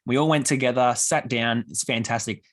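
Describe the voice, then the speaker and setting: A man's voice: mid-range voice, a little fast. Young man telling stories. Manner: animated storyteller, acts out quoted voices. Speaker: podcast host. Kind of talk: casual podcast chat.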